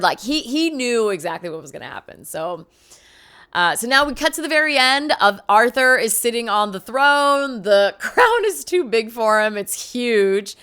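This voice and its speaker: A woman casually retelling a film's plot as a reviewer, chatty and enthusiastic, tossing in quick character quotes. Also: medium pitch, expressive, fairly bright tone, clear, resonant tone. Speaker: movie reviewer.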